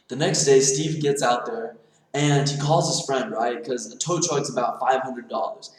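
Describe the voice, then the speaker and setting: A man's voice: mid-range voice, moderate pace. A man telling a motivational story and acting out the dialogue as he goes. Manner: animated, acts out dialogue in the telling. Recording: very echoey room.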